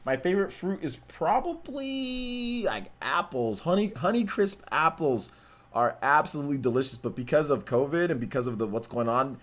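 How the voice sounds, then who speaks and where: A young man hosting a gaming livestream. He chats casually, reads out donations and viewer questions, and repeats himself in relaxed slang. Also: mid-range voice. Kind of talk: casual live-stream chat, reading donations and chat.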